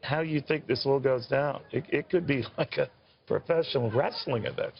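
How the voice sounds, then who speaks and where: A man's voice: medium pitch, moderate pace, creaky, lo-fi sound. A man hosting a live news interview, chatty and wry, with a rambling way of building his questions. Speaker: TV news host.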